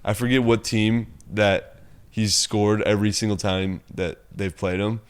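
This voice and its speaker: Low, smooth-voiced laid-back man. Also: fairly even intonation, unhurried. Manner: laid-back, laughs often, swears. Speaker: podcast co-host. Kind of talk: casual sports betting chat.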